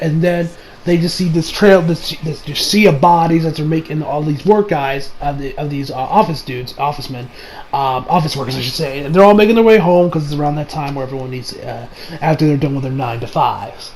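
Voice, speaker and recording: A man's voice: a little high, fairly quick, a crowd in the background, poor audio. A man giving a casual, rambling video review of an anime, full of fillers, restarts and swearing.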